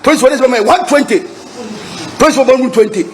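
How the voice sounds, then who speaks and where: Very high-voiced Ghanaian man, emphatic. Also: moderate pace, a little hiss or hum. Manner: emphatic, switches between Twi and English, repeats himself. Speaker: football club supporter. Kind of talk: press statement to reporters.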